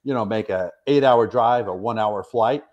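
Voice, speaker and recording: Low-voiced middle-aged man telling stories. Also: moderate pace, a little mellow, highs cut off. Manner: rambling, chatty, self-deprecating, many fillers. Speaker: interview guest, retired soldier. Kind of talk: casual storytelling interview.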